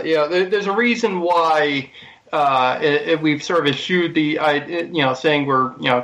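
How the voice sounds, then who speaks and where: A man who is a Messianic rabbi, speaking in a halting way with many fillers as a guest on a talk panel. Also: medium pitch, gravelly, a bit bright, dull audio. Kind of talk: casual panel chat.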